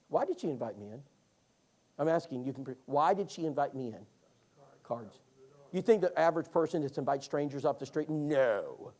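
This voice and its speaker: Preacher guy telling a story in class, voice swings all over the place. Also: moderate pace. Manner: animated storytelling with lively pitch swings. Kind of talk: sermon class.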